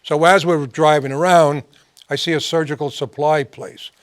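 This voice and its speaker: A man's voice: a little high, fairly even intonation, moderate pace. A man hosting a talk show, telling rambling anecdotes with frequent restarts and laughing through his stories. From New York. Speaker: host.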